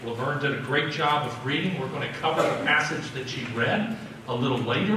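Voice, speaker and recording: A man preaching a sermon, telling it in a conversational, animated way with frequent restarts. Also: mid-range voice, normal speed, background noise. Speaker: pastor. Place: large church sanctuary. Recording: echoey hall recording from far off.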